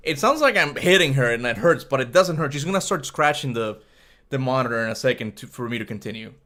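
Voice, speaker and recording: A man's voice: medium pitch, expressive, fast, bright, forceful tone. A man streaming from his home desk, chatting casually and playfully, slipping into baby talk with his cat. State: out of breath. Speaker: gaming streamer. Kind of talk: casual livestream chat. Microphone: desk mic.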